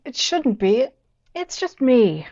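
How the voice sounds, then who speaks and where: Older woman guest, a little high voice, halting and unsure, muffled lo-fi line. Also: sing-song, mellow. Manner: hesitant, halting, self-doubting. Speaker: guest, old friend. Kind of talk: casual chat between old friends. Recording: dull lo-fi remote line.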